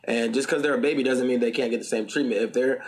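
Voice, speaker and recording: Fast-talking profane young man. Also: medium pitch, fairly even intonation. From Armenian heritage. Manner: profane, rambling, acts out voices. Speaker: debater on a comedy panel. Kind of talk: casual comedic debate.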